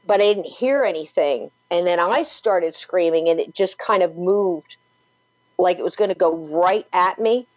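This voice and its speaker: A woman's voice: on the low side, a little slow, a little mellow, no room sound. A woman guest on an interview show, retelling a personal story vividly, full of "like" and "you know". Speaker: paranormal podcaster and author, guest. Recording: dull lo-fi, dry sound.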